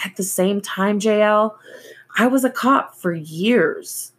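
A woman reading the part of a calm, protective male ex-cop in an audiobook, soft and coaxing, with a slow, husky voice. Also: medium pitch, voice pushed up.

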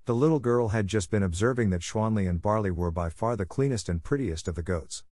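Low-voiced man reading a story. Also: fairly quick, dry recording, clean studio sound. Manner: steady storytelling. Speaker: narrator. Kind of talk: audiobook reading.

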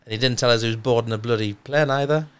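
A man's voice: medium pitch, fast talker, clean tone. A man, telling stories in a casual conversation. His humour is dry and understated. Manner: dry, joking anecdotes. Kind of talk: casual storytelling.

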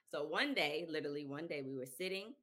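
Low-pitched woman, children's author guest, animated storytelling, frequent laughs. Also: brisk. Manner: animated, laughs often, acts out quotes. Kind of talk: casual interview storytelling.

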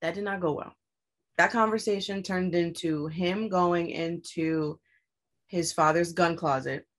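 A young woman with a slightly low voice recounts a painful story from her past in relaxed conversation. She swears freely and shoots her pitch up whenever she acts out what she said back then. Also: measured pace. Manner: candid and profane, acts out her own quoted lines with sharp rises in pitch. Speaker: guest telling her story.

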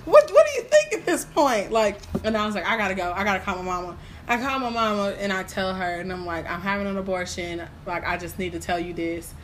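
This young woman, a guest in casual conversation, is a fast talker with a mid-range voice. She tells her story animatedly and acts out quotes, with slight background noise.

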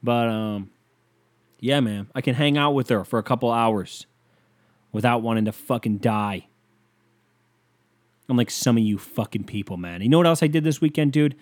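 A young man talking alone into a desk microphone for his podcast. He rambles casually, swears freely and drifts into sarcastic rants. His voice sits at an ordinary pitch for a man. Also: normal speed, long pauses. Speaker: podcast host. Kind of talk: casual solo podcast monologue. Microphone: desk microphone with pop filter.

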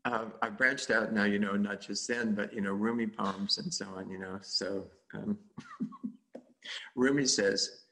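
A man's voice: on the low side, steady tone, a little slow, sharp tone. A man teaching meditation in a dharma talk, speaking in a rambling, conversational way with frequent chuckles.

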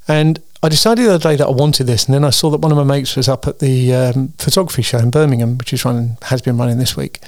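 A man's voice: mid-range voice, quick pace, few pauses, no echo, studio quality. A tired man hosting his weekly solo show, chatting in a meandering way with frequent ums and restarts. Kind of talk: casual rambling monologue.

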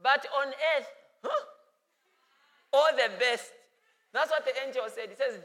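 A man preaching a sermon as pastor, animated and playful. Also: extremely high pitch, unhurried, long pauses, in a large hall.

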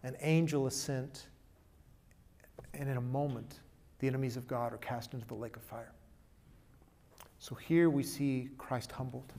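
A man's voice: medium pitch, steady tone, unhurried, gravelly, long pauses. Emphatic male preacher. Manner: swings from hushed to loud and emphatic. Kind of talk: sermon with dramatic storybook reading.

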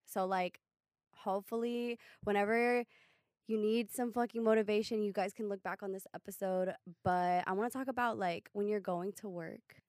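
A woman's voice: mid-range voice, steady tone, moderate pace, darkish tone, no echo, studio quality. A young woman co-hosting a podcast, talking bluntly and emphatically, with heavy swearing, as she gives advice. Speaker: podcast co-host. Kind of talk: casual chat, giving advice.

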